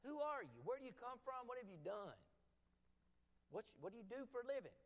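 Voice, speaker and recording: A man's voice: high voice, wildly swooping pitch, quick pace, bright, forceful tone, in a large hall, heavily acted. A man voicing frightened pagan sailors in a storm, urgent and pleading. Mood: panicked. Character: frightened pagan sailors, grown men, panicky.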